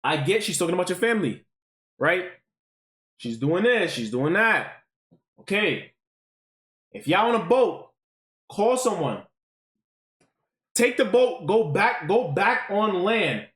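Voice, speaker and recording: A man talking casually to his live-stream chat. He is animated, swears freely and keeps checking in with "right?". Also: sits high, unhurried, pauses often. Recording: roomy echo.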